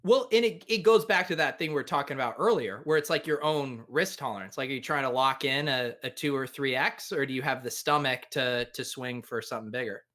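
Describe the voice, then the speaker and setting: A man's voice: mid-range voice, a little fast, hardly any pauses, bright, forceful tone. A man co-hosting a casual podcast chat, with sarcastic, mock-boastful humor. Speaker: co-host.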